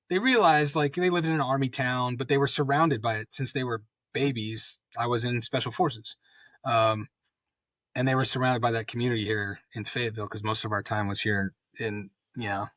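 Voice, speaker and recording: A man's voice: mid-range voice, fairly bright tone, dry recording, clean studio sound. Man in his fifties, rambling stories. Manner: rambling anecdotes with many fillers. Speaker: guest, retired Special Forces colonel. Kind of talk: casual storytelling interview.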